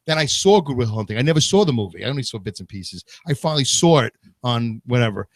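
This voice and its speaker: Comedy co-host, man, rambling anecdotes, quick to laugh, dry close sound. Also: mid-range voice, animated, no echo. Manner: rambling storyteller, laughs often. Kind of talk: casual comedic chat.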